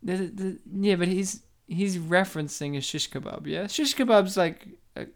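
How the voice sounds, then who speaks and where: A woman's voice: fairly low pitch, normal speed, slight background noise. A woman co-hosting a casual podcast, riffing on a movie with lots of laughter and acted-out silly voices. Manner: animated, laughs often, acts out silly voices. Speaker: podcast co-host.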